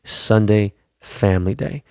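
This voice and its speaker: Profane, hyped man with a gravelly voice. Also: lowish voice, steady tone, a little slow, a little mellow, no room sound, studio quality. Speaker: podcast host. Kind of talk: casual monologue.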